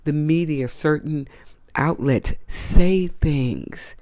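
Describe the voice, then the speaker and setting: Slow, gravelly man ranting in outrage. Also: on the high side, a little mellow, no room sound. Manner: outraged, blunt and profane; repeats points for emphasis. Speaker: host. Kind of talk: opinion rant to camera.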